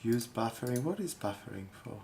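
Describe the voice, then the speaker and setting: A man's voice: mid-range voice, lively intonation, a little fast, gravelly, dark tone, a little hiss or hum. A man talking casually on a live stream, thinking aloud and rambling as he repeats himself. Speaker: street artist streaming live.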